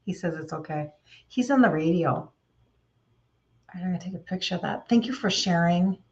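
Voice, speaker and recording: A woman's voice: on the low side, lively intonation, normal speed, dull audio. A woman in her fifties, a health coach chatting casually on a live stream and reading out viewer comments, with lots of fillers. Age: 50s.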